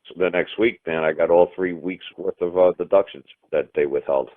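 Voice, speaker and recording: A man's voice: sits low, moderate pace, hardly any pauses, dry recording. A man telling stories in casual talk, blunt and emphatic, often cursing. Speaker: teacher of a study group. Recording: tinny phone-line sound.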